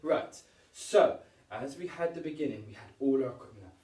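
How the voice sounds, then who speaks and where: A man's voice: a little high, lively intonation, brisk, mellow. Upbeat man teaching a kids' PE class. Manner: upbeat, encouraging, demonstrating moves while talking. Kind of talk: home PE lesson for young children. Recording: roomy echo, voice from a distance.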